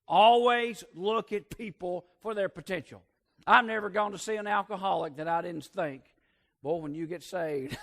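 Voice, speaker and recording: A man preaching a sermon as pastor, telling folksy stories and swinging between loud emphatic peaks and hushed asides. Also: high-pitched.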